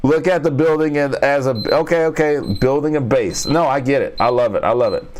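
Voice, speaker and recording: A man's voice: mid-range voice, a little fast, a little mellow, a little hiss or hum. A man hosting a casual trading stream, rambling and joking as he talks viewers through stock charts. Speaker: trading coach and stream host. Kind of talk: casual market commentary.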